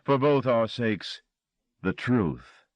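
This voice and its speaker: A man voicing a menacing, polite European stranger who speaks slowly and courteously. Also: medium pitch, expressive, no echo, pitched above the performer's own voice. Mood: cold polite. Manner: slow, courteous, quietly threatening.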